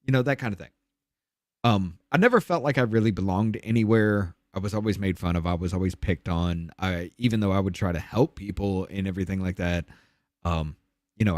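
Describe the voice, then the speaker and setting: A man's voice: dry recording, clean studio sound. Blunt, profane man telling his story. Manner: blunt, profane, drops low and quiet on painful parts. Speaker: podcast guest. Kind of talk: candid personal storytelling.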